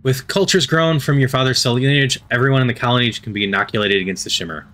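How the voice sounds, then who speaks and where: A man reading the lines of a reserved woman doctor and chief engineer in an even, measured, neutral voice. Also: medium pitch, natural voice. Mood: calm.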